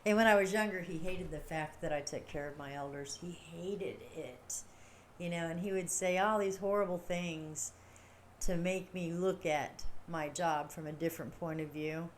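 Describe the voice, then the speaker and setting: A woman's voice: fairly low pitch, normal speed, slight background noise. A middle-aged woman hosting a livestream, talking casually in a rambling, chatty way and laughing often. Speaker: livestream host. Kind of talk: casual chat.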